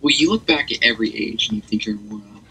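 A young man chats on a casual podcast, wandering from story to story with plenty of energy. His voice is strikingly bright and edged with a husky rasp. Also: fairly low pitch, fast talker, low-quality recording. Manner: rambling, animated storytelling with laughs. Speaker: podcast co-host. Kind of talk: casual chat.

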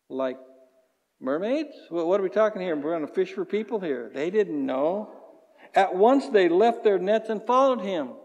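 A man preaching a sermon as pastor, animated and chuckling often, acting out little voices. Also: sits high, moderate pace. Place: church sanctuary. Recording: church hall reverb.

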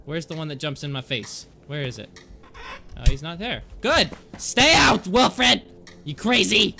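A young man commenting on a horror game he is playing, excitable, yelling, laughing and talking back to the characters. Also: a little high, a little slow, vocal fry, heavy background noise. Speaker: gaming YouTuber.

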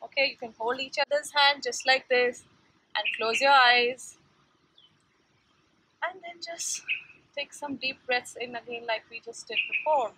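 A woman yoga instructor leading a mother-and-child yoga class, giving slow, gentle step-by-step instructions. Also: high-pitched, steady tone, breathy edge, low-quality recording.

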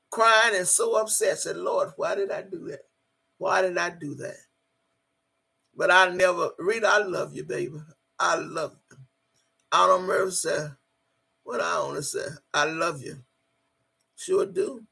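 A woman's voice: fairly low pitch, gravelly, fairly bright tone, slightly rough. A middle-aged woman hosting a casual livestream, reading out the chat and talking straight to viewers, emotional and swearing freely.

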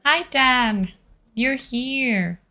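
Slow-talking woman streaming a game. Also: high-pitched, bright, forceful tone. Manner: thinks aloud, reads and answers chat. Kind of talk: live-stream gameplay chat.

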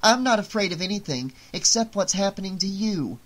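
A woman's voice: mid-range voice, animated, a little fast, voice pushed up, close to an everyday voice. A reader doing an anxious, secretive mother. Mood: insistent. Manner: pleading, insistent, near tears. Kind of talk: audiobook character reading.

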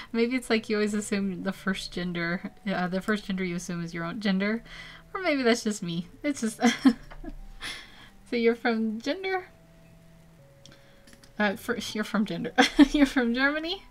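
A woman's voice: mid-range voice, animated, measured pace, pauses often. A woman chatting casually to a live-stream audience as she sketches a character. She rambles, laughs often and uses many fillers. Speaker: artist streaming a live drawing session. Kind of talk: casual live-stream chat while drawing.

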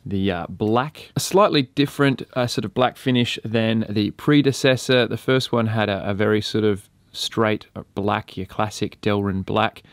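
A man's voice: on the low side, normal speed, hardly any pauses, dry recording. An Australian man casually reviewing gear and beer on his own channel, laid-back and swearing freely.

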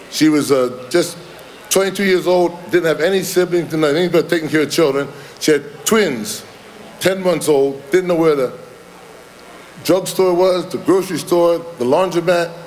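A man's voice: on the high side, moderate pace, a little mellow. A man in his seventies giving a Hall of Fame induction speech in a folksy, rambling manner, chuckling at his own jokes. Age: 70s. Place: large hall with audience.

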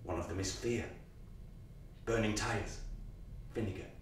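A man's voice: lowish voice, unhurried, slight background noise, natural voice. An actor playing a violent, menacing father who recalls a brutal childhood, in a brooding stage monologue. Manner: brooding and menacing, flaring into manic shouting. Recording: echoey hall, voice from far off.

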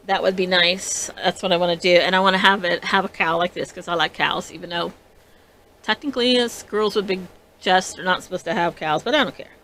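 A woman hosting a casual crafting vlog, chatty and excitable, rambling with frequent restarts. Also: on the low side, a little fast, a little hiss or hum. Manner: bubbly and excitable. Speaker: podcast host.

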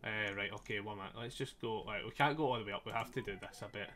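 This man's voice is on the low side, quick, bright and forceful, slightly strained, with a touch of background noise. Playing a story game live, he jokes around with his chat, laughs frequently, and swears without holding back over faint game music.

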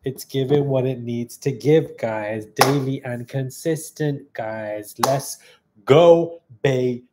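A young man hosting a live reaction stream, excitable and hyped, calling out "guys" often, with a slightly stuffy nose. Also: medium pitch, takes it slowly, noisy background. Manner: excitable hype talk, keeps saying "guys".

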